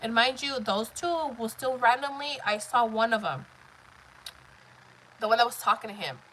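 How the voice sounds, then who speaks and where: A woman's voice: fairly high pitch, animated, moderate pace, pushed and bright, slight background noise, low-quality recording. A woman in her thirties chatting casually on a live stream, blunt, profane and emphatic as she tells her story.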